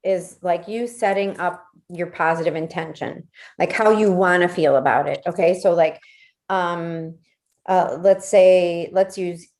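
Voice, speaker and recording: Lower-pitched woman leading a workshop. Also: fairly even intonation, measured pace, darkish tone. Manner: conversational, repeats words, checks in with "right?". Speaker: workshop leader. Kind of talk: casual workshop teaching.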